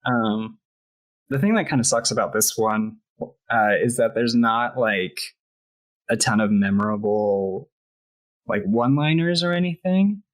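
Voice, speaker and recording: A man's voice: medium pitch, unhurried. Guy on a horror movie podcast, rambly casual plot recap, lots of likes and ums. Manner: rambling, filler-heavy retelling of the plot. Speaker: podcast co-host. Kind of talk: casual movie review chat.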